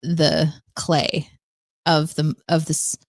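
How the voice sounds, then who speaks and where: A chatty woman co-hosting a podcast, with a lowish voice. She tells stories with a laugh, and the sound is close and dry. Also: steady tone, very slow, dry recording. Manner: chatty, laughs often, storytelling. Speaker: podcast co-host. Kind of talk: casual chat.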